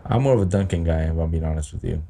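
A man's voice: rumbling low, rapid-fire, vocal fry, warm tone. A man co-hosting a casual podcast chat, joking crudely and swearing often. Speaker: podcast co-host.

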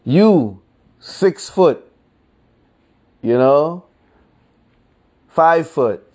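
A man hosting his own solo podcast, talking in a loose, slangy, unhurried drawl. He sounds fed up with his listeners and breaks into mocking outbursts now and then. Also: expressive, darkish tone. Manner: slangy, exasperated, slow and drawn out with sudden high-pitched mock outbursts. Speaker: podcast host. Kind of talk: casual solo podcast commentary.

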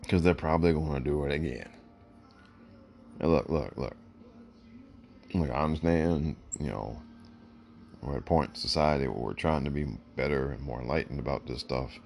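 A man's voice: a bass voice, moderate pace, vocal fry, long pauses, darkish tone, a little hiss or hum. A man hosting his own show, giving blunt, emphatic opinions and often repeating "look" to drive points home, while fighting the hiccups. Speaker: podcast host. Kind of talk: opinionated solo commentary.

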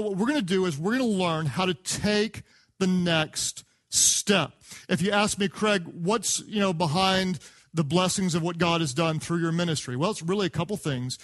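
A man preaching a sermon, an animated storyteller who acts out the voices of the people in his stories. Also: sits high, moderate pace. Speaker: pastor. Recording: sermon clip played from archive.

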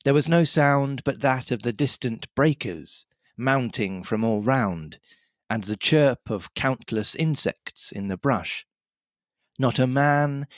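A man co-hosting a casual podcast, reading a novel aloud in a measured storytelling way. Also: medium pitch, no echo, clean studio sound. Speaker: podcast co-host and reader.

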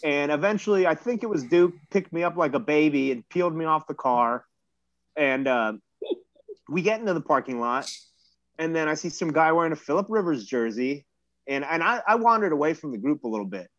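A man's voice: a little high, expressive, a little fast, a bit bright, dry recording. A man in his thirties telling a rambling, self-mocking story in casual chat and swearing freely. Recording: dull lo-fi dry recording.

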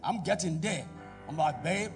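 A middle-aged man preaching a sermon in a church, calling out to the congregation and swinging between loud exhortation and quiet asides. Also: high-pitched, animated, normal speed, far from the mic, faint music behind. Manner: preaching with call-and-response to the congregation. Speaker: pastor.

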